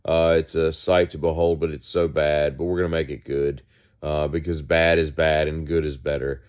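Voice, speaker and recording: A man's voice: very deep voice, level tone, moderate pace, a little mellow, smooth. A man doing a mocking impression of an older male politician who talks in circles and repeats himself. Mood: boastful rambling. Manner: circular, repetitive phrasing. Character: rambling older male politician, repetitive boaster.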